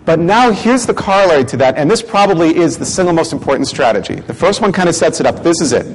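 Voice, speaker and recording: A man from the Bronx, giving a lively customer service seminar to a live audience. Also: a little high, quick pace. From the Bronx, New York. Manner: animated, acts out reactions and quotes. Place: conference room with audience. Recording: echoey hall, faint room noise.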